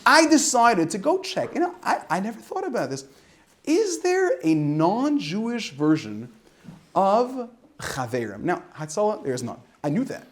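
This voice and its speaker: A middle-aged man, a rabbi giving an informal Torah talk to high school students, telling stories with acted-out dialogue and Yiddish and Hebrew words mixed in. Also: normal speed. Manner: animated storytelling with acted-out dialogue and asides.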